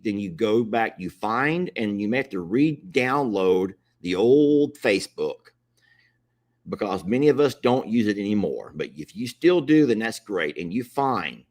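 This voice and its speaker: A man casually hosting a livestream, chatting and pleading with viewers to join. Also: medium pitch. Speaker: livestream host.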